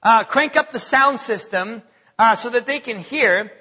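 A man preaches a sermon to a church congregation, animated and quick to joke, often asking the room questions. His voice is very high and bright, with a husky edge. The recording sounds slightly dull. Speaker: pastor. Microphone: stage microphone.

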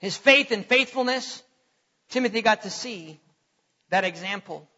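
High, bright-voiced man preaching in a hall. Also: expressive, a little slow. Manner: emphatic preaching with rising rhetorical questions. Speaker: pastor. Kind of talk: sermon. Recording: long hall reverb, dull lo-fi sound.

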